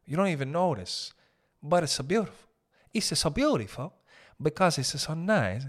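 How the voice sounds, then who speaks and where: A man's voice: fairly high pitch, sing-song, moderate pace. A young man hosting a podcast, ranting casually with profanity and jokey asides. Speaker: podcast host. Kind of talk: casual comedic podcast rant.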